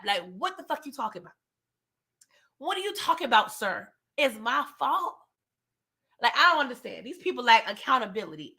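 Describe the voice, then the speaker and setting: A woman's voice: fairly high pitch, vocal fry. A woman hosting a casual live episode recap, talking to her chat and acting out characters' lines. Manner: animated, talks to chat, acts out characters' lines. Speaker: TV show recap host.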